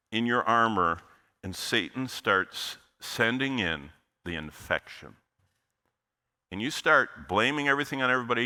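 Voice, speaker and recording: Bright-voiced male preacher, emphatic sermon. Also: medium pitch. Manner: emphatic storytelling with dramatic pauses and lists.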